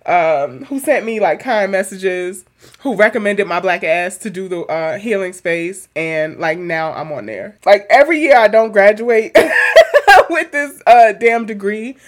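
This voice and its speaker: A young woman and therapist chatting casually as podcast co-host, animated, laughing often and swearing casually. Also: mid-range voice, unhurried.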